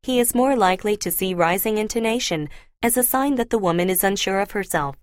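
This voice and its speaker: A woman delivers a scripted classroom lecture in a clear, measured voice. Her pitch sits in the middle of the range. The recording is dry and close, with no room sound. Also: lively intonation, no room sound. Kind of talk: scripted lecture for a listening test.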